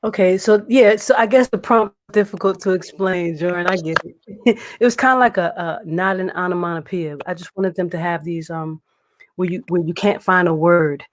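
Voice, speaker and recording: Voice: medium pitch, moderate pace. Laid-back open mic host. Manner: laid-back, repeats words like "indeed" and "dope". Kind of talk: casual chat.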